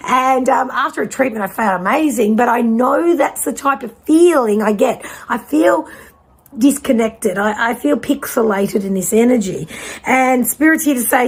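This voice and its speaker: A woman gives a pick-a-card tarot reading in a blunt, casual style that leans on swearing. Her voice is gravelly and husky, set a little higher than most. She slows down to talk the listener into their body, then picks back up. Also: animated. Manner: casual, conversational with guided pauses. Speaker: tarot reader.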